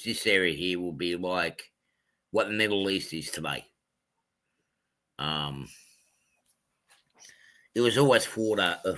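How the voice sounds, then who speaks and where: Bright-toned low-voiced Australian man. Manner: rambling, self-correcting, many ums. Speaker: livestream host. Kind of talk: casual livestream chat.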